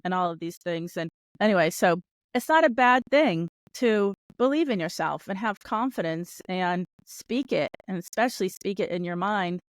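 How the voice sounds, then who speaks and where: A woman's voice: lowish voice, animated, normal speed, dry recording. A woman hosting an interview podcast, talking in a reflective, chatty way and sharing her opinions. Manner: reflective, chatty, laughs along with the guest. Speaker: podcast host. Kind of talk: conversational interview.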